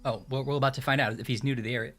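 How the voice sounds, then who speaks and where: A man's voice: medium pitch, rapid-fire, soft background music. Wry man commenting on a game. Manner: wry, deadpan jokes, reads game text aloud. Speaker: game streamer. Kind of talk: casual let's-play chat.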